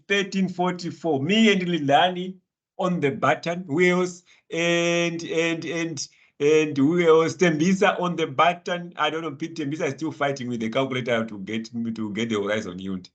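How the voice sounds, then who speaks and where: A man's voice: a little high, moderate pace. A man teaching a live online finance class, encouraging students by name and laughing often. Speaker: lecturer.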